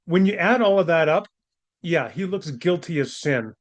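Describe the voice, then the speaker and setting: Indignant male commentator, slightly higher voice. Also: animated, moderate pace, muffled recording. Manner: indignant and scornful, with rhetorical questions. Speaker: commentator and apologist host. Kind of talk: opinionated commentary monologue.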